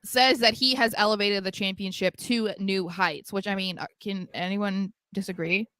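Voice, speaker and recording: Young woman podcast co-host, bright and smooth, sarcastic recap, dry close mic. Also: medium pitch, fairly even intonation, moderate pace, no room sound. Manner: sarcastic, laughing asides. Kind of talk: casual wrestling recap chat.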